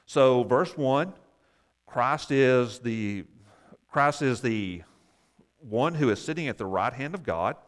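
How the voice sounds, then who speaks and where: A man's voice: mid-range voice, expressive, takes it slowly. Man teaching a Bible study class. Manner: explanatory, wry asides, questions to the class.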